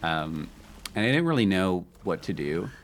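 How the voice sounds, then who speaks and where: A man's voice: deep voice, sing-song, normal speed, slight background noise. A man streaming a game, chatting casually and telling rambling stories with many fillers and laughs. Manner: rambling, laid-back, with frequent fillers and laughs. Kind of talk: casual live-stream chat and storytelling.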